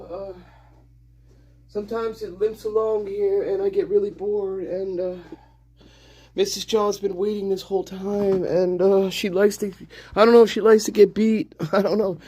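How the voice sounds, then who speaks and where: A man with a high voice talks casually as a guest on a live stream. He teases and chuckles his way through his lines. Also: mellow, rough recording. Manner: chuckling, teasing.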